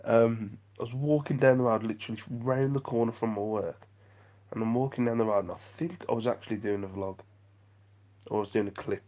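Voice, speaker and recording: A man's voice: medium pitch, steady tone, a little fast, darkish tone. A man chatting on a live vlog stream, rambling and self-deprecating as he reads out viewer comments. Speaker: vlogger.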